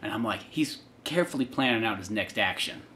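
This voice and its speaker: A young man co-hosting a podcast about his comic, chatting casually, often laughing and dropping to quiet murmurs. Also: on the low side, brisk, a little hiss or hum. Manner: lively, laughing, drops to murmurs for quoted asides. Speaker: podcast co-host, comic artist. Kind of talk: casual chat.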